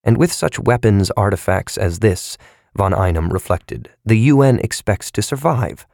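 A man reading a novel aloud as narrator, in a measured, even storytelling manner. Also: lowish voice, vocal fry, no room sound, clean studio sound. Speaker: audiobook narrator. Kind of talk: scripted narration.

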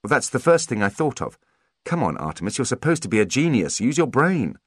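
A man voicing a sharp-tongued young female fairy officer in an audiobook, brisk and teasing. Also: medium pitch, very animated, dry recording, studio quality, voice pushed up. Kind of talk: audiobook character voice.

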